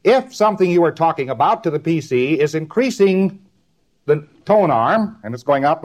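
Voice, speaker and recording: A man's voice: fairly high pitch, expressive, moderate pace, a little mellow. Man lecturing in looping rhythmic runs. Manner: rambling, repeats words in rhythmic runs, tags "don't you see?". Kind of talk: recorded lecture to trainees.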